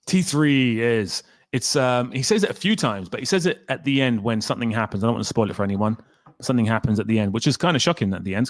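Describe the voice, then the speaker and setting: A man's voice: medium pitch, expressive, quick pace, dry recording. A man hosting a casual livestream, chatting and reading viewer comments aloud in a rambling way. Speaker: livestream host.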